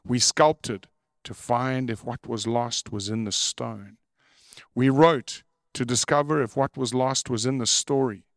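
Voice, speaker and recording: A middle-aged male preacher delivers a sermon at a very slow, deliberate pace. He reads in a measured, steady way and then presses his points with emphatic force. His voice sits at an ordinary pitch and sounds dry and close, with no room around it. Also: no room sound. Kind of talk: sermon with read-aloud opening.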